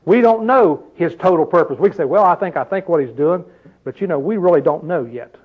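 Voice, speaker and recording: An older male preacher with a high voice delivers a sermon in a loose, conversational way and keeps asking his listeners questions. The recording is dull and lo-fi. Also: lively intonation, a little fast, breathy edge.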